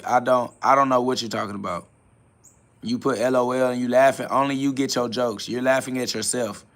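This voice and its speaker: A man's voice: medium pitch, a bit bright. A man hosting a live stream, answering chat questions in a preachy, blunt way, with casual slang and quoted Bible verses. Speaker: livestream host.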